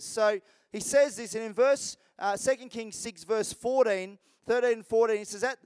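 A man's voice: very high voice, fairly even intonation, moderate pace, clear, resonant tone, no echo. A man preaching a sermon as pastor, talking in a conversational, rambling way with restarts and asides.

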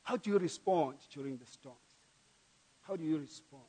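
Preacher delivering a sermon; high-pitched man, emphatic, repetitive, dynamic. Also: normal speed, slightly rough. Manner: emphatic, repeats key phrases, swings from loud to soft.

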